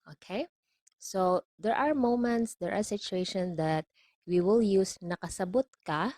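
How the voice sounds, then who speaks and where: A woman's voice: mid-range voice, measured pace, darkish tone, no room sound. A woman teaching a language lesson, speaking patiently, repeating each phrase and checking in with "okay?" often. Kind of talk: slow explanatory lesson.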